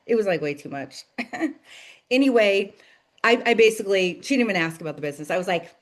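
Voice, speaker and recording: A woman in her thirties leading a direct-sales team call, chatty and enthusiastic, full of "like"s and "you guys" and quick laughs. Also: mid-range voice. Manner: bursts of laughter and excited acted-out quotes. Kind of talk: casual motivational team call.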